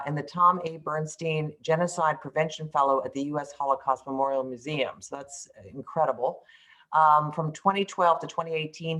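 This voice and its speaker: At a mid pitch, an event host reads a formal speaker introduction aloud. The reading stumbles often, with ums and restarts that correct dates and titles along the way. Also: a bit bright, low-quality recording. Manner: reads with frequent fillers and self-corrections.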